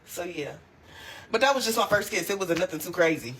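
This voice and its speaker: A young woman telling a casual storytime, animated and slangy, laughing as she goes. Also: on the low side, a little fast, slight background noise. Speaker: storytime vlogger.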